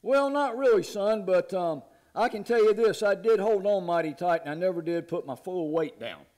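A man's voice: high voice, moderate pace, darkish tone, lightly acted. A man voicing a plainspoken, tight-fisted old farmer with a folksy drawl. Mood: dry. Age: older.

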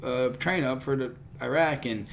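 A man's voice: mid-range voice, normal speed, creaky. A man in his thirties, an army veteran, telling war stories with lots of swearing in casual podcast chat. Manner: animated storyteller, swears a lot.

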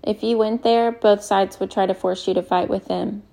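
A woman reading a frail, loving old father in a storybook, earnest and tender. The voice stays mellow and gravelly. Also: medium pitch, steady tone, normal speed, close to an everyday voice. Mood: solemn. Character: sick, frail older father, loving, hopeful.

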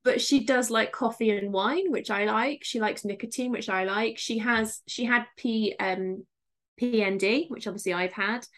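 A woman's voice: a little high, fairly bright tone. Frank, playful woman with a Somerset accent. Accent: Somerset English. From Somerset, England. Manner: frank, playful, quick to laugh. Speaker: author guest. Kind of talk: casual interview chat.

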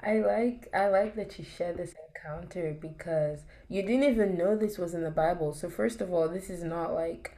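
A woman's voice: lowish voice, normal speed, hardly any pauses, dark tone. A woman host talking about faith in an affirming, emphatic way. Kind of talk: casual faith talk.

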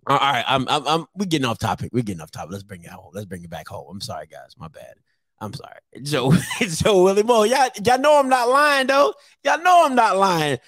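Animated man in his thirties ranting. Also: fairly high pitch, fairly quick, dry recording, studio quality. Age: 30s. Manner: animated, slangy, laughing asides. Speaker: sports picks show host. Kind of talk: casual ranting to camera.

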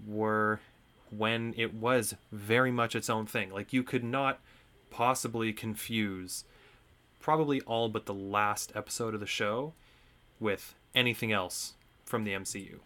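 Guy on a podcast, lowish bright voice, earnest, says um a lot. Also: steady tone, measured pace. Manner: earnest, hesitant, many ums. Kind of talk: casual chat.

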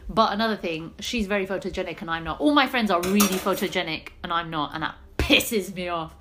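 A woman's voice: on the low side, brisk, noisy background. A woman, co-hosting a casual podcast chat and telling stories with a lot of laughing. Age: late 20s. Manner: chatty, laughing storyteller. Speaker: podcast co-host.

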